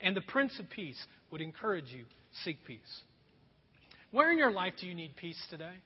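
Animated male pastor preaching in a hall. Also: high voice, normal speed, breathy edge. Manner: animated, acts out voices for laughs. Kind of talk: sermon. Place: church sanctuary. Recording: echoey hall, dull sound.

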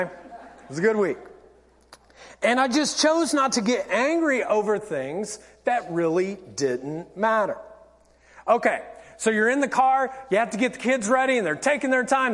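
A male pastor giving an animated, theatrical sermon, acting out everyday examples. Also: high voice. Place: church sanctuary. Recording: long church reverb.

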